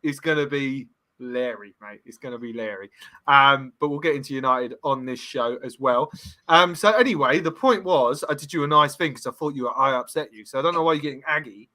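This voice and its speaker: A man's voice: mid-range voice, brisk. A man hosting a casual football comedy podcast, teasing his co-hosts and telling stories with lots of laughter. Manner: laughing, teasing, animated storytelling. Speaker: podcast host.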